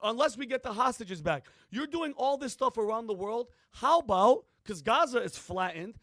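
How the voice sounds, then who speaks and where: Panelist, male, high dry voice, loose and rambling. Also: animated, normal speed, sharp tone, no echo. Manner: rambling, restarts, casual slang. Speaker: podcast panelist. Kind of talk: heated podcast discussion.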